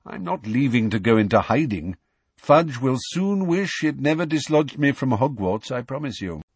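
Grave old wizard headmaster, low and measured, husky, in a dry booth read by a male narrator. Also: sing-song, no echo.

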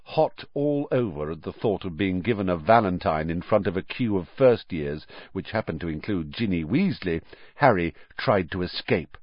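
Male storyteller, lively pitch, dry close sound, a bit muffled. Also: normal speed, no room sound. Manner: expressive, animated reading. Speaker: audiobook narrator. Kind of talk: scripted narration.

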